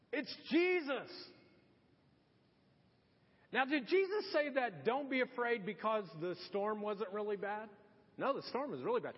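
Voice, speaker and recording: A man preaching a sermon as a pastor, telling the story with animated quotes. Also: extremely high pitch, husky. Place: church sanctuary. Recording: dull sound with long hall reverb.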